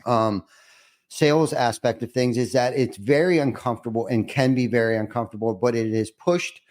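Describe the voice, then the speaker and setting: A man hosts a relaxed podcast interview, earnest and reflective. His voice is mid-pitched and ordinary. He stumbles and restarts as he gathers his thoughts. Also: moderate pace. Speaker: podcast host.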